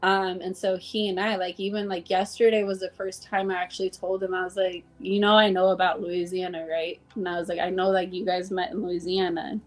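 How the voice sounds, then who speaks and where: Speaking briskly with hardly any pauses, a woman in a lowish, level voice shares heartfelt stories about coworkers. She's a guest in a relaxed conversation who acts out what people said and uses "like" constantly.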